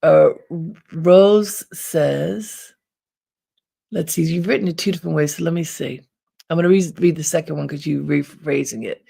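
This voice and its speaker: A woman hosting an inspirational self-help talk, giving calm, unhurried advice with frequent pauses. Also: low voice, vocal fry, husky. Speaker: host.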